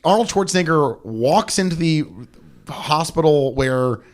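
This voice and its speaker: A man's voice: fairly high pitch, expressive, unhurried. A young man co-hosting a comedy podcast, riffing sarcastically and profanely about a movie. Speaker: podcast co-host. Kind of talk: casual comedic movie chat.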